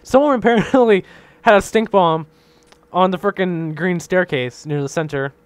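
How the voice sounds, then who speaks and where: A man telling a rambling, animated story over his gameplay, tagging many lines with "right?" and laughing often. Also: high-pitched, moderate pace, clean tone. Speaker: gaming channel host.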